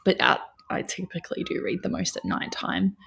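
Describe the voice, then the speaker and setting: A woman's voice: fairly low pitch, animated, normal speed, gravelly, fairly bright tone, breathy edge. A young woman hosting a livestream from home, chatting casually with viewers in a rambling way with lots of fillers. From Australia. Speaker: livestream host.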